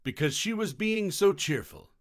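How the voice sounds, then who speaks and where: Lively male storyteller, dry close mic. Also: sits high, normal speed, dry recording. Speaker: narrator. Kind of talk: scripted narration of reader stories.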